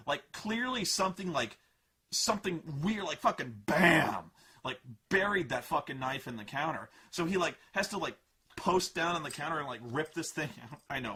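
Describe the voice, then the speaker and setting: A man's voice: a little high, slightly rough. Exasperated, foul-mouthed man ranting. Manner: profane, exasperated, animated. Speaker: film reviewer. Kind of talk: comedic rant about a movie.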